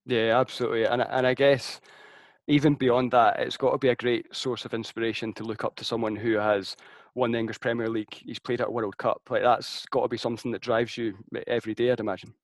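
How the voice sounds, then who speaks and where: Relaxed male interviewer, dry close sound. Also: medium pitch, quick pace, no room sound. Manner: conversational, relaxed, frequent fillers. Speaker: interviewer, host. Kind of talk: casual sports interview.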